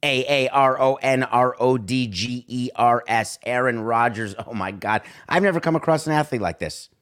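Sarcastic, exasperated sports talk host. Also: male voice, medium pitch, normal speed, a bit bright.

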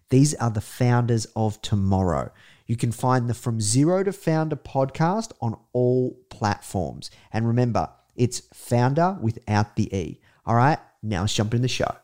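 A man's voice: medium pitch, warm tone. Male podcast host, upbeat, conversational, mid-range voice. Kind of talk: interview host and ad read.

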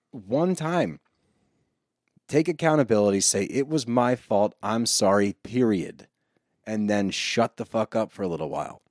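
A man with a fairly low voice hosts a loose recap podcast, animated and sarcastic, dropping swear words as he rants. The sound is dry and close, with no room around it. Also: no echo. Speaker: podcast host. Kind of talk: casual reality-TV recap chat.

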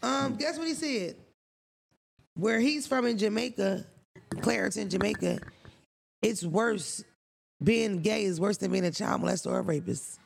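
A man's voice: sits high, measured pace, creaky, long pauses. A man co-hosting a casual podcast chat, telling stories bluntly and profanely with lots of energy. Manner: blunt, profane, animated storytelling. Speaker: podcast co-host.

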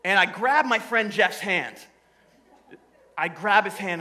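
A pastor preaches a sermon to his congregation during a church service, telling stories in a humorous, conversational way. His high voice is animated, bright and forceful at a measured pace, though the recording is low quality.

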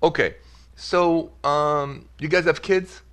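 A man from France with a French accent, hosting a relaxed, chatty call-in show about love and relationships. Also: a little high, clean tone. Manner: relaxed, chatty, with filler pauses. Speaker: radio advice host. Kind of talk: call-in advice talk.

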